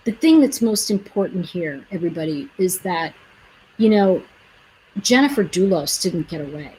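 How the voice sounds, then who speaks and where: A woman's voice: on the low side, animated, normal speed, a little mellow, a little hiss or hum, poor audio. Chatty woman host telling stories. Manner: chatty, acts out quoted dialogue; earnest, advising. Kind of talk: casual livestream storytelling.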